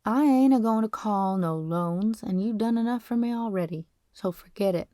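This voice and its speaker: A proud, poor ranch boy refusing charity, his speech full of rustic country grammar and a stubborn drawl. A woman puts him on in an audiobook, her voice mellow and warm. The sound is dry and close. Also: medium pitch, normal speed, no room sound, close to an everyday voice. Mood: earnest.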